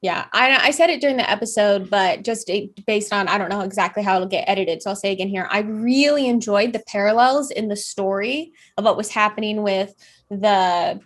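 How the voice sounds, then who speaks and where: A woman's voice: medium pitch, fairly quick. A woman co-hosting a casual reaction chat, thinking aloud in long, rambling sentences that trail off. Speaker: co-host.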